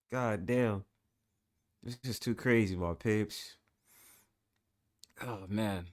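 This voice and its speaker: A man with a New York accent hosting a casual livestream panel, laughing often and cursing freely, swinging between loud bursts and low mumbles. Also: drawn-out words, pauses often.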